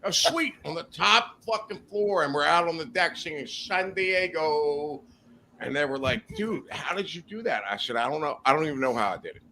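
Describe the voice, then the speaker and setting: A man's voice: on the high side, expressive, moderate pace, sharp tone, a little hiss or hum. A man casually telling rambling, profane anecdotes on a podcast, laughing as he goes. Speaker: podcast guest telling stories. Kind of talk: casual storytelling chat.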